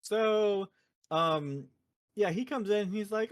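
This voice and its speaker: A woman's voice: mid-range voice, slow. Woman swearing through a game recap. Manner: profane, animated storytelling with many fillers. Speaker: podcast host. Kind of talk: casual chat, retelling a video game.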